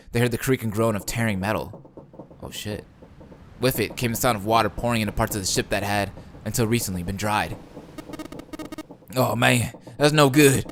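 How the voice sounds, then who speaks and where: A man doing a let's play of a visual novel, reading the text aloud and reacting excitedly. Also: lowish voice, a little hiss or hum. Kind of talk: gameplay commentary and text reading. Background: game music.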